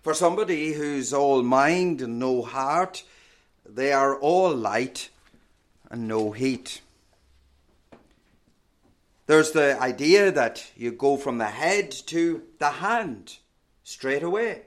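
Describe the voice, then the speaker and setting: A man preaching a sermon in a measured, emphatic teaching manner, often asking rhetorical questions. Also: medium pitch, animated.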